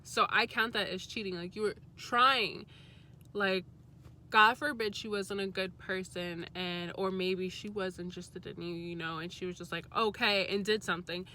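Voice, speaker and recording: A young adult woman vlogger telling a story in a casual, chatty way, candid and quick to swear. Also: medium pitch, fairly even intonation, sharp tone, a little hiss or hum.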